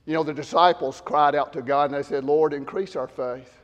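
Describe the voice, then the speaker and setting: A man preaching a sermon to a congregation, swinging from loud shouted emphasis down to low, quiet asides. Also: steady tone, fairly quick, long reverb tail.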